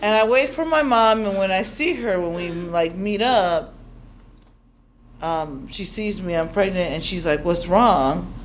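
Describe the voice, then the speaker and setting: A young woman from Chicago telling a personal story on stage, animated and profane, acting out the voices she quotes. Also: medium pitch, a little slow, a little hiss or hum. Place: stage before a live audience.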